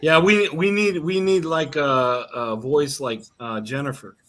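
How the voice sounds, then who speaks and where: A man's voice: fairly high pitch, steady tone, measured pace, a bit bright. A man co-hosting a chatty interview over a video call, explaining things and laughing often. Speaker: co-host. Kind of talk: casual conversation.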